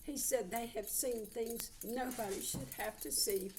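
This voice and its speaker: A woman's voice: on the high side, a little slow, darkish tone, slight background noise. A woman, giving a heartfelt channeled psychic reading. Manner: heartfelt, earnest, relays messages.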